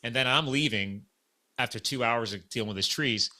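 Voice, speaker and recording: A man casually telling a long story in a podcast chat, animated and acting out the dialogue of people he met. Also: medium pitch, normal speed. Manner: animated, acts out quoted dialogue.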